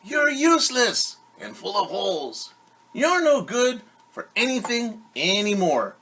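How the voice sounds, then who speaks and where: A man's voice: mid-range voice, slow, fairly bright tone, rough recording. A man voicing a grumpy old man who scolds his worn-out hat in a children's storybook read-aloud. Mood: exasperated.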